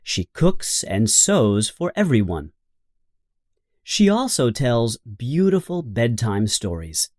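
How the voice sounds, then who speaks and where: A man reading a children's storybook aloud in a slow, simple, expressive narration. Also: medium pitch, no room sound, clean studio sound. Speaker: audiobook narrator.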